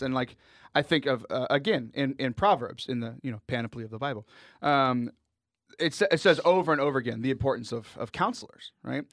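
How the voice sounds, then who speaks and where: Man radio host, casual chat, earnest, laughs often, mid pitch, dry sound. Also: lively intonation, fast talker, dry recording.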